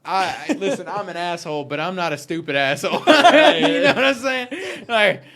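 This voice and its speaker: A man's voice: high-pitched, moderate pace. Laughing, profane male podcast co-host. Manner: profane, laughing, animated storyteller. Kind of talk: casual storytelling chat.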